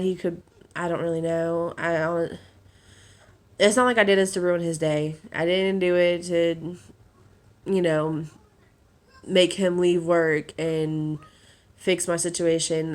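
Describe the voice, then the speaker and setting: Young woman vlogging, voice gone hoarse from crying, kinda low, halting and quiet. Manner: subdued, halting, many fillers. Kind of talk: casual vlog.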